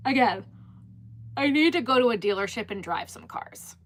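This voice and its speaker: A woman's voice: on the high side, lively intonation, normal speed. A woman chatting casually on a live stream, rambling with lots of restarts and filler words.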